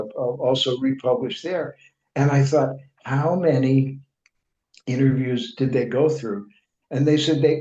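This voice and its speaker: Warm in tone and medium in pitch, a male writer and reporter tells long conversational anecdotes as an interview guest, full of restarts and fillers, acting out others' words in quoted speech. The sound is dull and lo-fi, from an echoey room.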